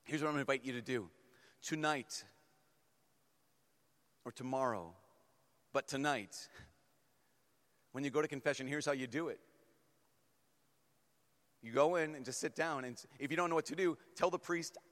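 A male priest preaches with a mid-range voice, joking and animated as he acts out scenes for a young crowd. Each line lands with a long reverb from a large hall. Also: mid-range voice, normal speed, pauses often. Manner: humorous, animated, acts out stories. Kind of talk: sermon to a youth gathering.

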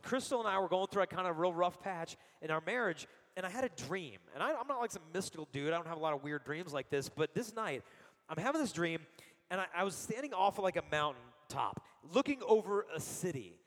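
Brisk and high-pitched, this middle-aged man's voice rings through a large hall. His Catholic talk is a sermon woven from personal anecdotes, and he tells them with lively flair, performing the quotes as he goes.

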